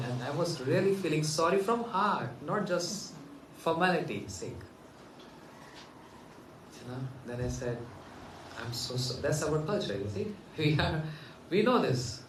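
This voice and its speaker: A man from India giving a devotional talk, telling a story gently and earnestly and voicing the people in it. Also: mid-range voice, measured pace, a little hiss or hum. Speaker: spiritual teacher. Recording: echoey room, mic at a distance.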